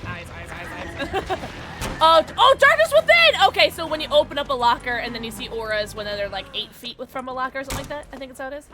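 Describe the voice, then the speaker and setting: A woman streaming a game, chatting casually with viewers in an excitable way, with sudden high yelps and laughs. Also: very fast. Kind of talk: casual livestream chat while gaming. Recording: game music behind the voice. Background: game music.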